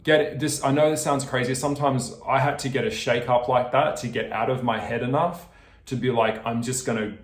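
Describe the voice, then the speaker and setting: A man's voice: medium pitch, steady tone, fairly quick, echoey room. A man with an Australian accent talking straight to his viewers in a casual, swearing rant. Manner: swearing, ranting, laughing, addresses viewers directly. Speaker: video creator. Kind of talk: casual vlog chat.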